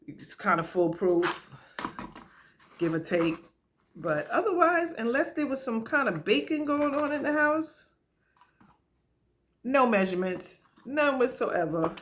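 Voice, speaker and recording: A woman's voice: a little high, very animated, a little slow, long pauses, fairly bright tone, slight background noise. A middle-aged woman chatting casually while she cooks in her home kitchen, laughing often and talking straight to her viewers. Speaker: home cook vlogger. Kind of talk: casual cooking chat.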